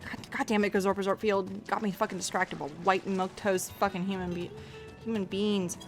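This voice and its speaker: A woman's voice: mid-range voice, flat delivery, brisk, soft background music. A woman streaming a game, chatting casually to her viewers in a rambling, profane way, often restarting her sentences. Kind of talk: casual livestream chat while playing.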